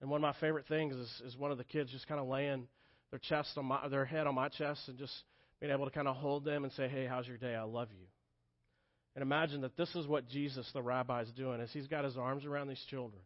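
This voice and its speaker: A man in his thirties preaching a sermon as pastor, telling the story earnestly and dropping soft and quiet for tender moments. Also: medium pitch, level tone, fast talker, lo-fi sound. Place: church sanctuary.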